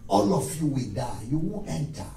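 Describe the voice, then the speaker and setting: A man preaching an animated sermon as pastor, swinging between shouted lines and low asides. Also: moderate pace. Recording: echoey church hall from far off, with music.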